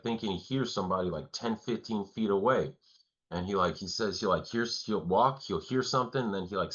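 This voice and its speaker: A young man with a low, bright-edged voice rambles through a story on a podcast, filling nearly every phrase with "like" and swearing offhandedly. The recording sounds a little dull and lo-fi. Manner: rambling, heavy use of filler "like", swears casually. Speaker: podcast host. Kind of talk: casual storytelling.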